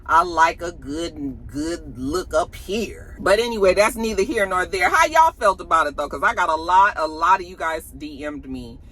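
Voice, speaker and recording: Sassy woman gossiping with bright voice. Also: fairly low pitch, normal speed, hardly any pauses, a little hiss or hum. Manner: sassy, chatty, slangy asides to the audience. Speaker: celebrity gossip vlogger. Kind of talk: casual gossip chat to viewers.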